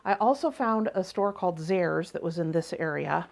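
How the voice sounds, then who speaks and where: A woman's voice: fairly low pitch, normal speed, vocal fry, darkish tone. A middle-aged woman chatting through a haul video, telling stories in a chatty way and acting out the people she talks about. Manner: chatty, exasperated retelling with quoted exchanges. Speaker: reseller vlogger. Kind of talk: casual haul vlog storytelling.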